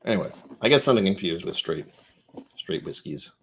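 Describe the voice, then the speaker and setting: A man's voice: low-pitched, lively intonation, fairly quick, a little hiss or hum. A man hosting a casual whiskey tasting livestream, thinking aloud and correcting himself as he goes.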